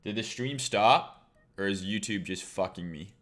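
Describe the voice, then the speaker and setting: A man's voice: on the low side, measured pace, fairly bright tone. A man hosting a trading livestream, talking casually in a blunt, profane, rambling way.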